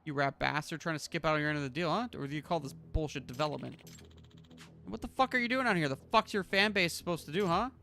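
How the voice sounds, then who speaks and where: Picture a menacing, foul-mouthed producer who sounds like a street thug, bellowing threats in a gravelly voice. Soft music runs underneath. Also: male voice, a little high, steady tone, very fast, few pauses. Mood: threatening. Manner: menacing, swearing, barking threats. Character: furious thuggish middle-aged male game producer. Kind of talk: English game dub.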